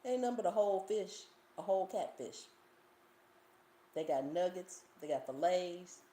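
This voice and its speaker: A woman's voice: on the low side, lively intonation, normal speed, warm tone. Chatty woman hosting a live cooking Q&A. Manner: chatty, folksy, reads viewer comments aloud. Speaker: cooking channel host. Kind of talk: live stream Q&A chat. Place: Pennsylvania home. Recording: echoey room with faint ambient noise.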